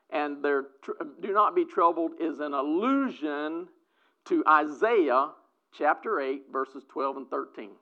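A preacher delivering a sermon, swinging between loud exclamations and quiet asides. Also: mid-range voice, takes it slowly. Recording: dull lo-fi recording.

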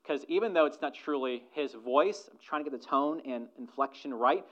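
A male pastor preaches with a bright, fairly high voice, quieting down for asides and then rising to loud, emphatic stresses. He keeps putting rhetorical questions to his congregation. The recording sounds dull and lo-fi. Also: normal speed, few pauses. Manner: animated preaching, swings between soft asides and loud emphatic lines. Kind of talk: sermon.

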